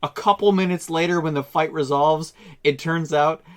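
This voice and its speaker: A man's voice: on the high side, fairly even intonation, normal speed, clear, resonant tone. A man co-hosting a podcast, chatting casually and animatedly retelling film quotes. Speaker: podcast co-host. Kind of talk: casual chat.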